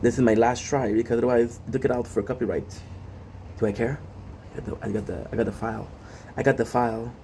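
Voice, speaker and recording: A man's voice: mid-range voice, steady tone, quick pace, dark tone, slight background noise. A man streaming live, rambling casually to his chat with lots of fillers and asides.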